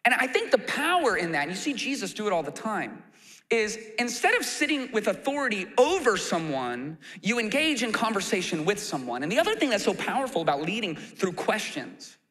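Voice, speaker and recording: A man preaching a sermon as a pastor, animated and acting out quoted complaints in a raised voice. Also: high voice, big-room sound. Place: church auditorium.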